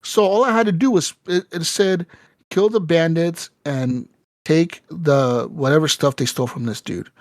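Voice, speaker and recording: A man's voice: a little high, moderate pace, no room sound. A man co-hosting a casual podcast, telling game stories with lots of swearing and acting out the characters' lines. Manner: animated storytelling with profanity, acting out game characters. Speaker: podcast co-host.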